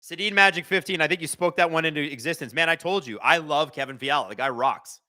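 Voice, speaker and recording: A man's voice: on the high side, fast. A man hosting a live watch-along stream, commenting on the game, joking and reading out viewers' chat messages. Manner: excitable, joking, chats with viewers.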